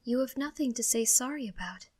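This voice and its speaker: A woman's voice: fairly high pitch, expressive, a little fast, warm tone, breathy edge, pitched above the performer's own voice. A tearful, loving mother, read by a woman. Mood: reassuring. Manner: tender, tearful. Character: loving, emotional single mother.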